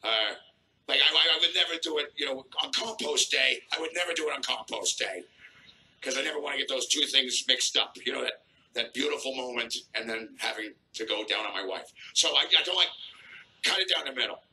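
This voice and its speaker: A middle-aged man doing a crude stand-up set on a live stage, in a gruff, deadpan manner. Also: mid-range voice, brisk, rough recording. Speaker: stand-up comedian.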